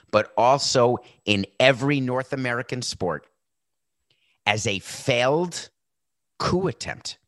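Brief: male sports show host, sarcastic rant, lively swooping pitch, dry close sound. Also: no room sound. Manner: sarcastic, animated, mocking. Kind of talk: satirical sports commentary monologue.

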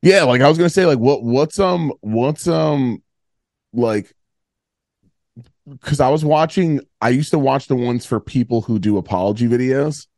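A man's voice: mid-range voice, moderate pace, a little mellow, no room sound. A young man with an ordinary mid-range voice talks loosely and crudely, stacking "like" as he jokes. The sound is dry and close, with no room around it. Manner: crude, joking, filler-heavy. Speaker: podcast co-host. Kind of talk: casual chat.

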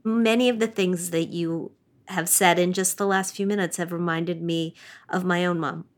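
A woman hosting an interview podcast, asking questions in a measured, conversational way. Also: lowish voice. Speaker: podcast host.

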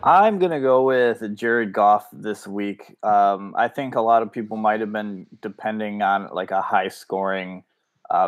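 Laid back guy co-hosting a sports pod, low voice, dry sound. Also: no echo. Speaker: podcast co-host. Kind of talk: casual sports chat.

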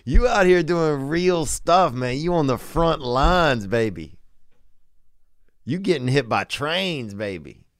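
A man hosting a podcast, talking loosely and warmly to a caller, rambling with laughing asides. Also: fairly high pitch, lively intonation, slow, dry recording, clean studio sound. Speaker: podcast host. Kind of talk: casual podcast chat.

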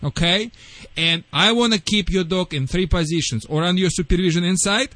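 Higher-voiced man with broken English. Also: a little fast, sharp tone, no room sound. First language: not English. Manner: broken English, emphatic step-by-step instructions. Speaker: dog trainer. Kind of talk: radio call-in advice.

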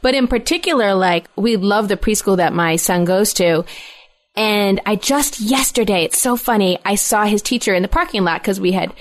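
A woman in her thirties co-hosting a casual chat, animated and laughing often as she acts out little quotes. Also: medium pitch, moderate pace. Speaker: podcast co-host.

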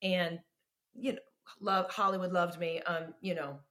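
A middle-aged woman with a slightly low voice, chatting as an interview guest. She tells stories animatedly and pokes fun at herself, breaking into laughter often. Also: flat delivery, a little slow, a bit bright. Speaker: actress and guest. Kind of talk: casual interview storytelling.

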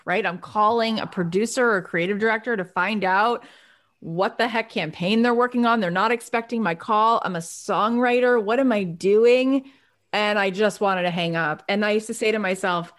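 A woman's voice: medium pitch, moderate pace, a bit bright. A woman hosting a podcast, telling a motivational story about her past work and acting out old phone calls. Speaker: podcast host.

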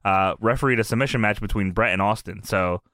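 A man's voice: lowish voice, fast, no room sound, clean studio sound. A young man co-hosting a casual podcast chat, swearing a lot and laughing. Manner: profane, laughing, loud mocking impressions. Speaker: podcast co-host.

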